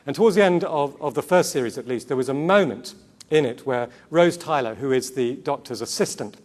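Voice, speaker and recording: With a medium pitch and lively intonation, a conference speaker gives an earnest, sermon-style talk to a Christian gathering. He asks rhetorical questions, repeats key words, and drops in quick asides and self-corrections.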